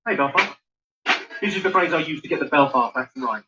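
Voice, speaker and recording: A man's voice: fairly high pitch, animated, fast, sharp tone. A man doing a stand-up routine, dry and crude, teasing the crowd from a comedy club stage. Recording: muffled live recording with noise.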